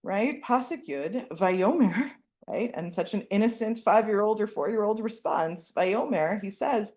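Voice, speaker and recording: Mom teaching torah class, super expressive voice going up and down, kinda dull lo-fi audio. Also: female voice, medium pitch, unhurried. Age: adult parent with young kids. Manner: animated, keeps asking "right?", acts out quotes. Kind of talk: lively Bible class lecture.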